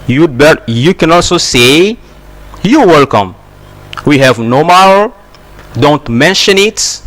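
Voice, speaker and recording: Male teacher, slightly high voice, slow and deliberate, repeats each phrase. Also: a bit bright, rough recording. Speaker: English teacher. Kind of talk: slow spoken English lesson.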